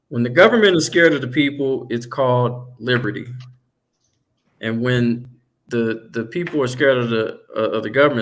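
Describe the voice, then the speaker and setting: A man in the middle range of pitch hosts a loose, casual conversation. He talks bluntly, curses freely and gets animated when he tells a story. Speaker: podcast host. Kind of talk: casual chat.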